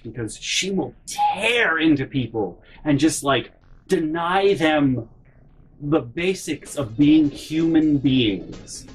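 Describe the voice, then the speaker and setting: A man's voice: a little high, expressive, slow, soft background music. A young man telling a personal story in a casual vlog, exasperated and profane.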